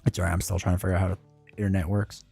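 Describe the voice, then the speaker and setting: A man's voice: sits low, little pitch movement, racing, creaky, dark tone, breathy edge, faint music behind. A man streaming live, chatting casually and answering his chat in a rambling way.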